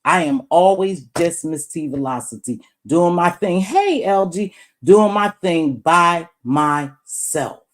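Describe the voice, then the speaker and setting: A woman's voice: lowish voice, expressive, takes it slowly. A woman hosting a live stream in a blunt, preachy rant, swearing freely.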